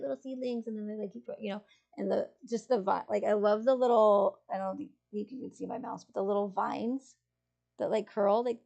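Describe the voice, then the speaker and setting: Chatting casually with live viewers, a female streamer has a mellow, gravelly, medium-pitched voice. Her talk wanders, with giggles, trailing sentences and restarts.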